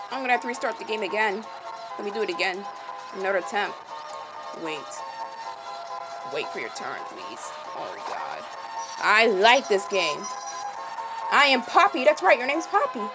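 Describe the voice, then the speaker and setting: A woman streaming a game, chatting to the animals in it like pets and breaking into lively exclamations. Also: fairly high pitch, normal speed, long pauses, music in the background, low-quality recording. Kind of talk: casual game commentary.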